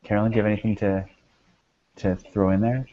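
A man's voice: on the low side, flat delivery, fast talker, dark tone. A man hosting a casual panel chat, calling on each guest in turn with a playful manner. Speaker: podcast host. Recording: dull lo-fi sound.

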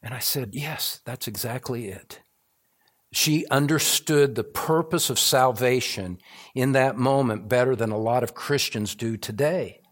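A man's voice: mid-range voice, unhurried. A middle-aged man preaching a sermon as pastor, earnest and building to fervent, repetitive emphasis.

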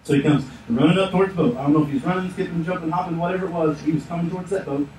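Man, pastor, sermon, joking storyteller, slightly high voice, echoey room, distant mic. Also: very fast, darkish tone, a little hiss or hum.

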